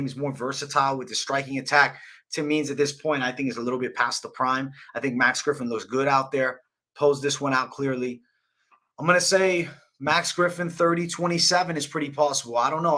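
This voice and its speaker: Brief: young male host, bright tense tone, loose profane chat about fight picks. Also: mid-range voice. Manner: casual, profane, slangy. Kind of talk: live fight betting breakdown.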